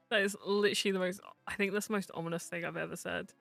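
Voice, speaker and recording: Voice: mid-range voice, steady tone, fast talker, gravelly, a bit bright, soft background music. A VTuber streamer in casual live-stream chat while gaming, rambling, teasing friends and muttering to themself.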